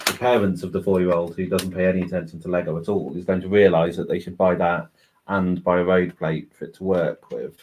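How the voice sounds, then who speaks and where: While building on a home livestream, a co-host chats in a low voice with a darkish tone. He explains things at length and says "you know" often, over faint background noise.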